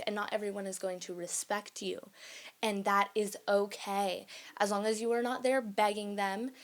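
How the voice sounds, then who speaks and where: A woman in her early twenties hosting her own podcast, talking in a candid, chatty way and often checking in with her listeners. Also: medium pitch. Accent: northern Mexican Spanish. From family from Mexico. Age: 20s. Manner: chatty and candid, tossing in "okay, guys?"; switches into Spanish and German. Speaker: podcast host. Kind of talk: casual solo podcast monologue.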